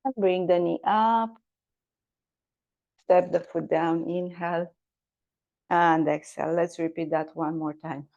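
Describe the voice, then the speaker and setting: A woman guiding a gentle yoga class, giving calm, unhurried cues and breath counts. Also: on the low side. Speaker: yoga teacher.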